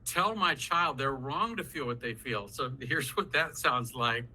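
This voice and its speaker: A man leading a parenting workshop, talking in an animated, folksy way and acting out what parents and kids say. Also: mid-range voice, a little slow, few pauses, poor audio. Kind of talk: lively workshop talk. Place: video call.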